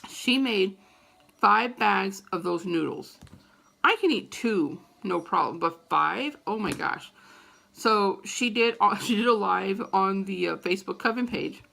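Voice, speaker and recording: Woman, middle-aged, gravelly fry, vlog storytelling, animated, profane. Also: mid-range voice, slow pace. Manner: animated, profane, acts out quoted voices. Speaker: vlogger. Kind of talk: casual storytelling to camera.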